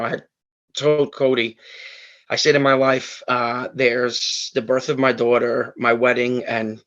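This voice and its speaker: A man's voice: mid-range voice, a bit bright, lo-fi sound. Rambling man telling a heartfelt story. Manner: rambling, with many fillers and restarts. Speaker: podcast guest. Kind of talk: emotional storytelling in casual chat.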